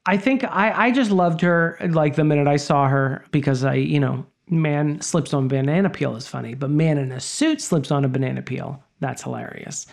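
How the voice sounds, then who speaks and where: A man's voice: a little high, gravelly. A man co-hosting a podcast, chatting casually about a film with plenty of fillers and asides. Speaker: podcast co-host. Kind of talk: casual movie discussion.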